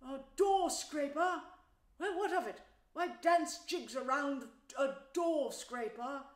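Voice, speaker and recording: A woman's voice: high voice, slow pace, pitched above the performer's own voice. A woman voicing a fussy, grumpy male mole who complains primly, in a storybook reading. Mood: grumbling. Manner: complaining and prim. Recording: roomy echo.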